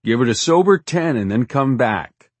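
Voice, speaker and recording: A man voicing a gruff, bossy male boat captain who barks blunt orders in an audiobook. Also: medium pitch, animated, normal speed, dry recording, voice pushed up. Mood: commanding. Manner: barking orders, blunt and commanding.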